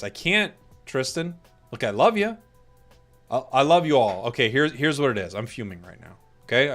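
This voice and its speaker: Casting an esports tournament, a man jokes with his stream chat in mock outrage during a break, stammering, restarting, and laughing quickly. His voice is medium-pitched and a bit bright.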